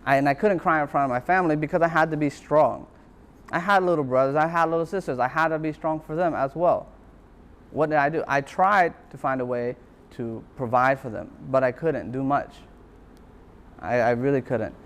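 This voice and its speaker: A man's voice: fairly high pitch, normal speed. A man, a university lecturer, giving a motivational talk and telling his own story in an earnest, reflective way, repeating phrases for emphasis.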